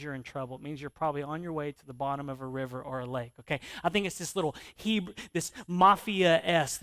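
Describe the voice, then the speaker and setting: Animated, higher-voiced male preacher. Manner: conversational, animated, rhetorical questions. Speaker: pastor. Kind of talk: sermon.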